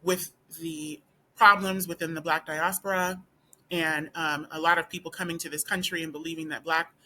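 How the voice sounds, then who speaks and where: A woman student talking straight to camera in a casual vlog, emphatic and full of rhetorical questions, with a voice that is not deep. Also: steady tone, moderate pace, pushed and bright, slight background noise. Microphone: camera or phone facing speaker.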